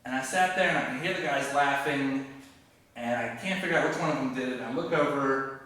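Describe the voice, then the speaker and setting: A man's voice: mid-range voice, brisk, pushed and bright. A man in his thirties telling a true personal story live on stage, self-mocking and acting out the dialogue. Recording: echoey hall from far off.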